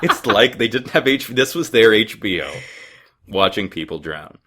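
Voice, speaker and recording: A man's voice: fairly low pitch, expressive, moderate pace, very noisy. A male podcast host reading local history notes aloud in a casual chat, dropping dry, teasing asides.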